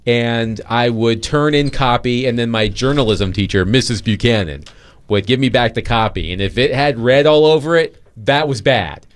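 A man hosting a casual sports talk show, animated and mocking, often laughing as he talks. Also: mid-range voice, normal speed.

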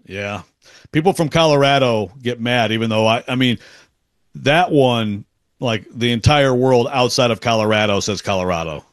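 A man's voice: medium pitch, normal speed, no room sound. A man from Western Michigan co-hosting a sports radio show, talking in a rambling, casual way with many restarts. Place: radio studio.

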